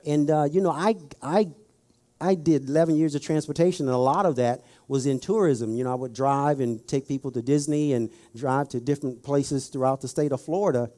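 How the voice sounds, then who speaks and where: Brisk and mellow, with a mid-range pitch, a middle-aged preacher delivers a sermon that feels like conversation. He spins folksy stories and speaks straight to the congregation with questions.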